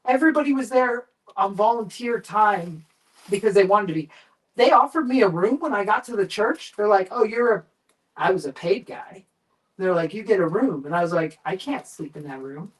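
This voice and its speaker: A man guesting on a live chat show, telling long, animated and profane anecdotes about film work. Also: sits high, normal speed, distant mic, poor audio. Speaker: guest, makeup effects artist and director.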